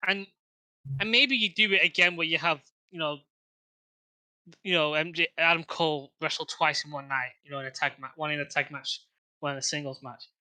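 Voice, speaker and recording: Man, casual podcast chat, rambling, very bright tone, dry close sound. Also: fairly high pitch, steady tone, brisk, dry recording. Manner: rambling, restarts often, lots of fillers and swearing. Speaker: podcast co-host.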